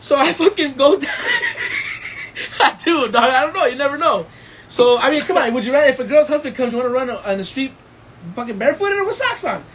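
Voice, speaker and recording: A man's voice: very high-pitched, wildly swooping pitch, brisk, fairly bright tone, rough recording. A man hosting a podcast, telling a story in casual chat, full of slang and swearing and frequent laughter. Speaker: podcast host.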